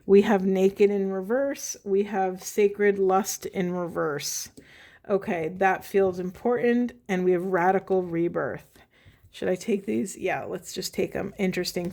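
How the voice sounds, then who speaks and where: A woman's voice: medium pitch, dark tone. A woman reading tarot cards and musing aloud about their spiritual messages, often stopping to restart her sentences. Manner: thinking aloud, halting restarts. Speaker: tarot card reader.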